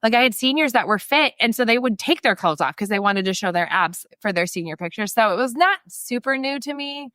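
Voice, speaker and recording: A woman in her thirties telling stories as a photographer guest, chatty and animated, laughing often and acting out what people said. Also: on the high side, a little fast, few pauses, dry recording. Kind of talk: casual storytelling interview.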